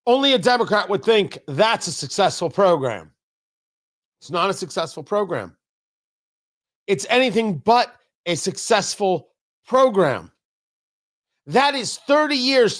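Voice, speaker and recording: A middle-aged man hosting a political talk show, speaking emphatically and sarcastically, repeating lines for punch. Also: sits high. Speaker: radio talk show host.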